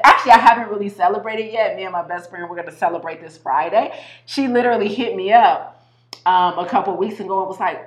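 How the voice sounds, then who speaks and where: A woman speaks in a casual, motivating way, lively and slangy, often circling back and repeating her points. Her mid-range voice carries a noticeable room echo. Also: mid-range voice, fast. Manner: animated, repeats herself, lots of restarts and slang. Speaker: health coach.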